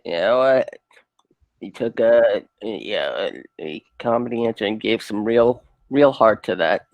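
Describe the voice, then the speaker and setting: A man's voice: lowish voice, unhurried, no room sound, muffled recording. Joking man co-hosting a chat show. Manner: jokey, laughs often. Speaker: co-host. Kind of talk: casual podcast chat.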